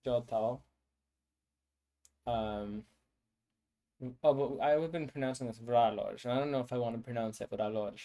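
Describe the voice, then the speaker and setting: A man's voice: medium pitch, normal speed, mellow. A man streaming his language-building work, thinking aloud hesitantly with many fillers and restarts, sounding words out to himself. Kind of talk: thinking aloud while working.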